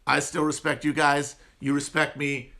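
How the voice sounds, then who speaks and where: A man's voice: on the high side, level tone, normal speed, pushed and bright. A man with a nasal upper Midwest American accent, hosting a casual livestream chat and rambling through audience questions in a self-mocking way. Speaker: podcast host answering chat.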